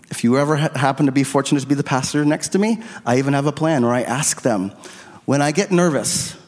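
A middle-aged man preaching a sermon as a pastor, telling a personal story in an earnest, confessional way, on a handheld microphone. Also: a little high. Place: church sanctuary. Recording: long reverb of a church hall.

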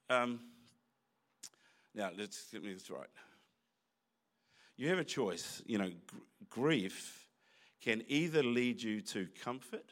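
A man preaching a sermon in church, talking conversationally with asides and restarts. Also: fairly low pitch. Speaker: pastor.

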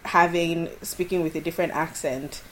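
A woman's voice: fairly low pitch, steady tone, moderate pace, fairly bright tone, a little hiss or hum, rough recording. A woman podcast co-host whose accent mixes Nigerian and American, thinking aloud in casual chat. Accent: mix of Nigerian and American. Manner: hesitant, thinking aloud with many "like"s.

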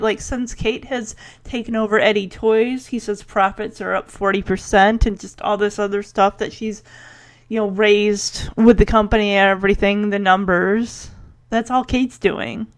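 A woman casually recapping a TV episode, chatty and enthusiastic, often saying "like" and briefly acting out the characters' lines. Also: medium pitch. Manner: chatty, enthusiastic, heavy use of "like"; acts out characters' lines in quick asides.

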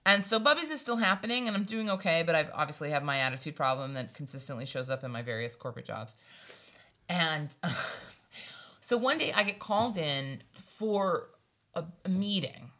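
Lively laughing woman with a bright tone. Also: low voice, moderate pace. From Hawaii. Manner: animated, laughs often and acts out the people in her story. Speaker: storytelling guest. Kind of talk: casual spoken storytelling.

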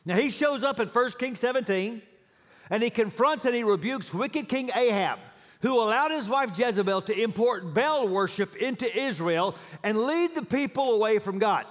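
A male pastor preaching a sermon, telling stories with gentle humor. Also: extremely high pitch, animated, moderate pace. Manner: storytelling, warm humor. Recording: reverb of a large hall.

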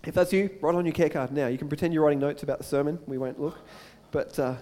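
Preaching as a pastor, a young adult man speaks at a fairly high pitch. His earnest sermon alternates loud, urgent build-ups with slow and soft appeals.

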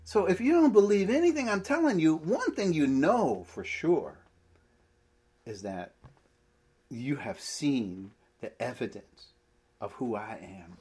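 A man's voice: a little high, a little mellow, husky, voice pushed up, exaggerated voice. A man voicing an exasperated male teacher who presses his doubting followers with emphatic, ad-libbed questions.

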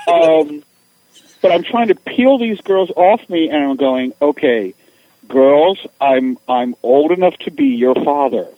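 Middle-aged male guest, animated raconteur, slightly high voice, lo-fi radio audio. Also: a little slow, no echo. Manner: animated, acts out voices in anecdotes. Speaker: guest, author. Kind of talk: casual storytelling.

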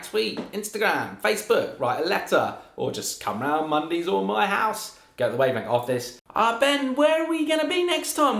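A man hosting a surf podcast, chatty and animated, swearing casually. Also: high voice, gravelly. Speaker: podcast host. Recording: echoey room.

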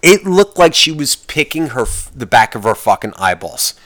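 A man's voice: mid-range voice, big pitch swings, normal speed, a bit bright, dry recording. Young guy ranting on his vlog, swears nonstop, voice all over the place. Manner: swears constantly, rambling, restarts and fired-up outbursts. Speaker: vlogger. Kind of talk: profane casual rant.

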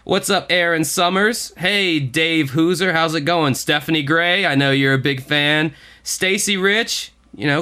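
A man's voice: a little high, sharp tone. A man co-hosting a podcast, chatting in a rambling, profane, self-deprecating way. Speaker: podcast co-host. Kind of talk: casual podcast chat.

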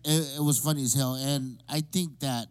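A man's voice: medium pitch, steady tone, normal speed, smooth. A man co-hosting a podcast in casual chat, swearing freely and laughing along. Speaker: podcast co-host.

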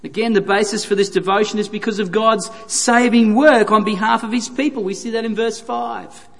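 A man's voice: high-pitched, steady tone, normal speed, gravelly, a bit bright. A man preaching a sermon, earnest and emphatic, repeating phrases for stress. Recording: reverberant hall.

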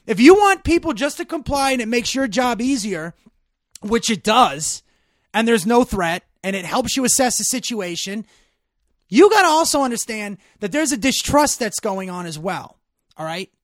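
A man with a fairly high voice talks in a casual, blunt way, swearing freely and restarting his sentences often. His voice is recorded dry and close, with little room sound. At times he heats up into emphatic ranting. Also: lively intonation, normal speed, no echo. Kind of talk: casual chat.

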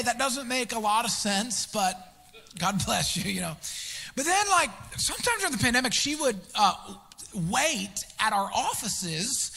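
A man in his thirties, a pastor, preaching with an animated, self-deprecating storytelling style and acted-out quotes. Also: sits high, gravelly. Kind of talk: storytelling sermon. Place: church auditorium. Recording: long church hall reverb.

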